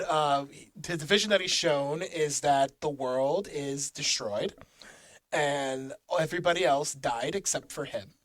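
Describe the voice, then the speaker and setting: A man co-hosting a laid-back podcast recaps episodes, laughing a lot and stumbling through fillers and restarts as he goes over the plot. His voice sits on the higher side with a slightly bright edge, and there's no room sound.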